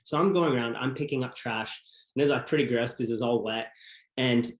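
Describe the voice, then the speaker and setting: A man's voice: mid-range voice, fairly quick. A man as a podcast guest, telling a personal story in an earnest, reflective way. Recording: roomy echo.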